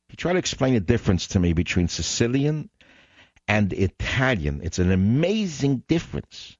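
A male talk radio host who rants in a sarcastic, combative way. His low voice swings widely in pitch as he works himself up. The sound is dry and slightly dull, like a lo-fi broadcast. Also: very animated, a little fast, no room sound.

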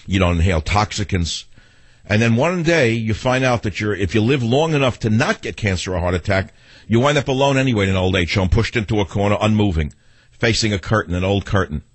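A man's voice: fairly low pitch, a little fast, husky, no echo. A middle-aged man hosting a talk radio show, combative and sardonic, rambling between arguing with callers and monologue.

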